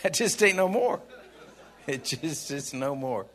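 An older man preaching a sermon, joking and swinging from soft asides to shouts. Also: fairly high pitch, animated, a little slow, a faint crowd. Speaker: pastor.

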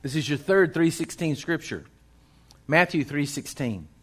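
A man's voice: a little high, expressive, measured pace, fairly bright tone, husky. A male pastor, preaching a sermon in a folksy, conversational way that builds in intensity.

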